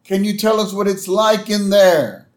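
A man voicing a calm, formal male cartoon doctor who speaks in a measured way. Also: high-pitched, reverberant, voice pushed up.

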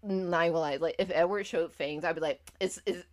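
A woman's voice: fairly low pitch, brisk. A woman co-hosting a podcast, talking casually and playfully with lots of filler phrases. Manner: chatty, fillers like "not even lie", playful. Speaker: podcast co-host. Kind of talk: casual chat.

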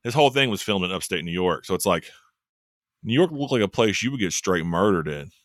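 A man co-hosting a casual chat, talking in a joking, wry way with quick asides. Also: low voice, animated, fairly bright tone, no room sound, studio quality. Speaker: podcast co-host.

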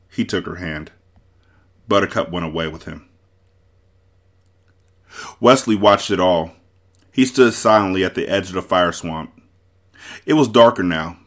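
Low-voiced man reading a novel aloud. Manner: steady narration, voicing characters. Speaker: podcast host reading a novel.

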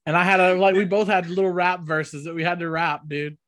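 A man's voice: high voice, level tone, fairly quick, fairly bright tone. A young man co-hosting a podcast in casual chat, laid-back and heavy on slang like dude and bro. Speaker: podcast co-host.

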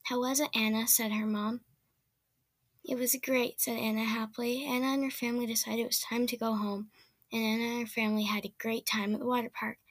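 A woman's voice: a little high, flat delivery, fast, dry recording. A woman reading a children's story aloud in a plain way, with small slips and restarts. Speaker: reader.

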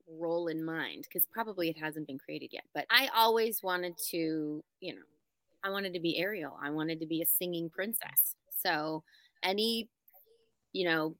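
A woman's voice: low-pitched, normal speed, fairly bright tone, no room sound. A young adult woman voice actor chatting casually on a panel in a bubbly, laughing way. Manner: bubbly, laughing, self-described nerd. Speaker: voice actor guest.

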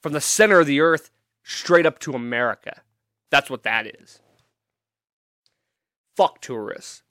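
A man's voice: medium pitch, expressive, measured pace, long pauses, a bit bright, no echo, studio quality. A man hosting a podcast, delivering a profane, sarcastic comedic rant in a casual monologue. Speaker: podcast host.

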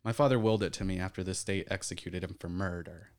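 A man's voice: sits low, fairly even intonation, fast talker. A man co-hosting a comedy podcast, making dry wisecracks and introducing the next story. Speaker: podcast co-host and story reader. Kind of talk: casual chat.

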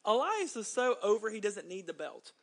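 A man co-hosting a casual wrestling talk show, excitable and teasing, laughing often. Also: sits high, moderate pace. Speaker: wrestling podcast co-host. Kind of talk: casual chat.

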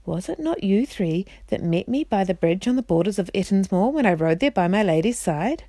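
A woman's voice: medium pitch, expressive, brisk, warm tone, no echo. Haughty young knight, as a woman reads him, storybook, formal old-fashioned speech, dry close sound. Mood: courtly. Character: proud courtly young man knight. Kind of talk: reading a storybook aloud.

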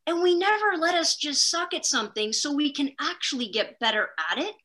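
A middle-aged woman, a podcast guest, telling stories in an animated, self-deprecating way, fast in bursts. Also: high-pitched. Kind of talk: casual conversation.

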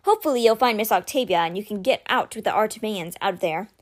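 A woman's voice: mid-range voice, natural voice. A woman reading the lines of a young male leader giving urgent orders to his team in a storybook. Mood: commanding. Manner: brisk commands to a team.

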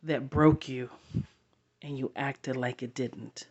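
A woman sharing a personal story to camera, halting and heartfelt, with long pauses. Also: rumbling low, fairly even intonation, a little mellow, breathy edge, highs cut off.

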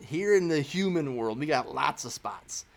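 A man voicing a gruff, short-tempered rural Southern truck owner with a Southern US accent, blunt and drawling. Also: a little high, lively intonation, moderate pace. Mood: explaining. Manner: blunt, drawling, swears casually.

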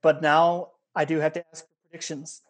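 A man's voice: a little high, level tone, a little fast. A man hosting a radio sports show, joking easily and laughing along with his guest. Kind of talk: casual sports talk.

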